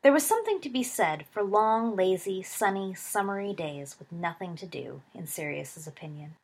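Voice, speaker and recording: A woman reading a story aloud with steady, expressive narration. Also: mid-range voice, moderate pace.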